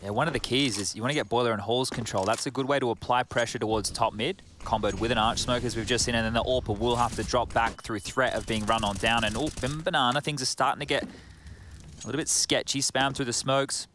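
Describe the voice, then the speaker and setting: A man's voice: medium pitch, fairly even intonation, a little fast, a bit bright, a little hiss or hum. A man giving analytical color commentary on an esports match in a chatty, conversational way. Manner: chatty, uses fillers like "right?" and "you know".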